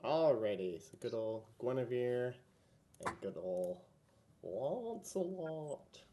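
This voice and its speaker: A man as game master, narrating and calling for rolls in a relaxed, chatty way with many fillers. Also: lowish voice, unhurried, slight background noise.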